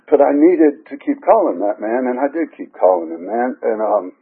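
Husky man, tinny phone-like sound. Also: medium pitch, very animated. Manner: halting, emotional, with frequent fillers and soft laughs. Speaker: speaker at a memorial gathering. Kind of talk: heartfelt personal remembrance speech. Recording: husky voice over a phone-like narrow line.

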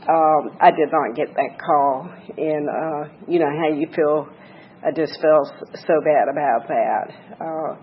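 A man speaking at a memorial gathering, halting and heartfelt, with many pauses and fillers. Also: on the high side, lo-fi sound, slight background noise. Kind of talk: personal eulogy.

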